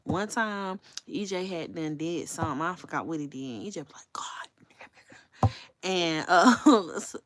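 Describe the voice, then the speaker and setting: A woman's voice: fairly low pitch, no room sound. Candid, chatty woman livestreaming. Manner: candid and chatty, swears freely; talks straight to viewers. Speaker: livestream host. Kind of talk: casual livestream chat.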